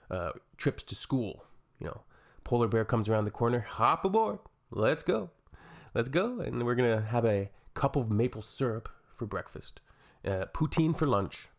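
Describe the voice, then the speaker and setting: Speaking at normal speed in a lowish, slightly mellow voice, a Canadian man hosts a relaxed reaction video. He reads out comments and fires back dry, sarcastic quips.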